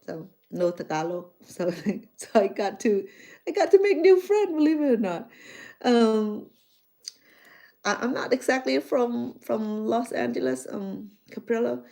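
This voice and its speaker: A middle-aged woman from Cambodia with a Cambodian accent, chatting casually to her viewers and acting out conversations as she tells stories. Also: fairly high pitch. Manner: animated storytelling, acts out dialogue, frequent restarts. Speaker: chef and vlogger.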